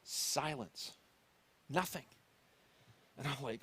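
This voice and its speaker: A man's voice: high-pitched, expressive, moderate pace, a bit bright, a little hiss or hum. A man with a Canadian accent preaching a sermon, telling a personal story and acting out his own thoughts and the people he quotes. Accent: Canadian English. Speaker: pastor.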